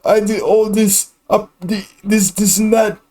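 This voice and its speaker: A man's voice: sits high, fairly even intonation, a little slow, a little mellow, pitched above the performer's own voice. A man putting on the voice of a nagging adult lecturing about school, whiny and preachy.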